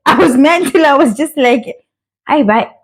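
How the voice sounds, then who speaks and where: A young woman from South Africa with a fairly high voice and a sore throat. She chats in an animated, opinionated way as she reviews a reality dating show, acting out the people in it as she goes. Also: brisk. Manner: animated and opinionated, acts out the cast members' voices. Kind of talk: casual chat, reviewing a show.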